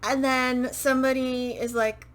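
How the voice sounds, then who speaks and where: Woman booktuber rambling about a series, kinda high voice, takes her time, swears a bit, talking into a mic. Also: flat delivery, a bit bright, rough recording. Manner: rambling and unhurried, swears casually, self-correcting asides. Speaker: book vlogger. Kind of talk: casual book chat to camera. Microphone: microphone she turns to face.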